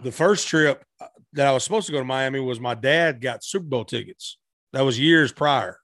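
A man's voice: mid-range voice, normal speed, a bit bright, no room sound, clean studio sound. A middle-aged man telling stories as a guest musician in a casual interview, rambling with frequent restarts.

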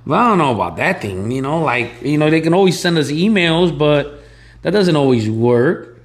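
A man with a slightly high voice that swings up and down a lot, chatting on a casual podcast. He talks in an excitable, animated way and repeats his points. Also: normal speed. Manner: animated, excitable, repeats himself, calls his co-host "bro". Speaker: podcast co-host. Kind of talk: casual chat.

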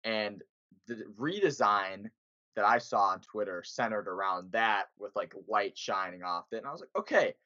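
A man with a low, bright, forceful voice talks through sports topics in a relaxed podcast chat. He gets animated and presses with emphatic questions. The sound is dry and a bit dull, like a lo-fi recording. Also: normal speed, no echo. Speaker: podcast co-host.

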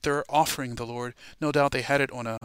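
A man teaching a Bible study lesson in a preaching style. He talks emphatically and often checks in with "all right?" and "okay?", moving between quiet asides and loud, stressed words. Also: medium pitch, fairly even intonation, fast, smooth, dry recording.

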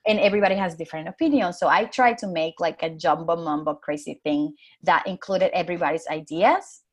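A woman's voice: on the low side, fairly quick. A woman guest telling a personal story in a casual interview, acting out her own past lines in a raised voice.

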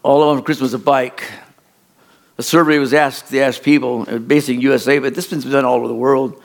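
A middle-aged man preaching a sermon as a pastor, telling a folksy, rambling childhood story in an animated way. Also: medium pitch, quick pace.

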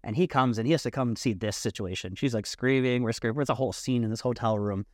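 A man telling a wild personal story as a podcast guest, animated and profane, leaning on "like" a lot. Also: medium pitch, fast talker, dry recording, studio quality. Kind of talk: casual storytelling.

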